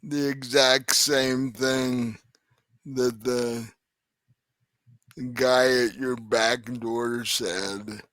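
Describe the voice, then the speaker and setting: Man, game master, tabletop game narration, often laughing, very slow pace, clear voice. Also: medium pitch, steady tone, fairly bright tone, no echo.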